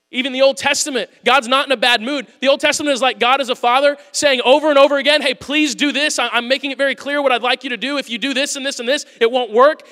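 A man preaching a conversational sermon, going from loud emphasis to quiet asides. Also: high-pitched. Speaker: pastor. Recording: long hall reverb.

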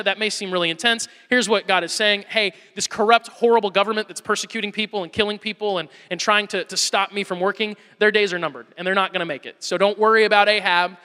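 A man in his thirties preaches with a high, bright voice that carries through a reverberant hall. He drives his points home with repetition and stumbles over restarts as he builds emphasis. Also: fairly even intonation, fast talker, few pauses, clear, resonant tone. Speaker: pastor. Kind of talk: sermon.

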